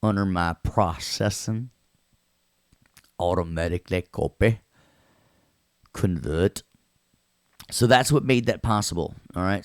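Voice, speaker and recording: A man with a Southern US Nashville accent teaches a class on audio workstations, chatting and joking with his students in a recorded lecture. His voice is low-pitched, and the recording is dry and studio quality.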